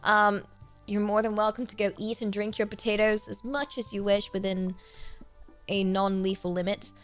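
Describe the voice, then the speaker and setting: A woman's voice: medium pitch, level tone, normal speed, faint music behind. A young woman from Britain, a streamer chatting casually in a bubbly, rambling, giggly way. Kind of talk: casual livestream chat.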